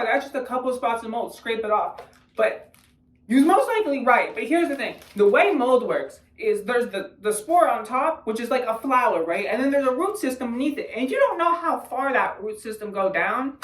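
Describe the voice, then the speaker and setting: A woman's voice: on the high side, fairly bright tone. A woman hosting a casual cooking vlog, talking bluntly with lots of swearing and mocking asides while she explains each step. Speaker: cooking video host.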